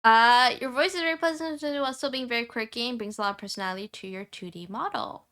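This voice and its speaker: This young woman streamer chats with viewers in a high-pitched voice that squeaks at times. She talks fast, rambling and repeating herself with lots of fillers, and sounds bright and forceful.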